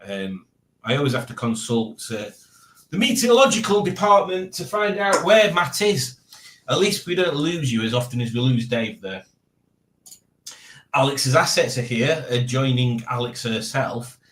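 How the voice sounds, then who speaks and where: Jokey man, lively pitch. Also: moderate pace, echoey room. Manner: rambling, jokey, reads viewer comments aloud. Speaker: live-stream quiz host. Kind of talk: casual chat.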